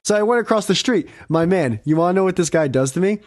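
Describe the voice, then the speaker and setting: A young man hosting a podcast, telling a story in a casual, excitable way, swearing and laughing often. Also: high-pitched, fast talker, no echo, clean studio sound. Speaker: podcast host.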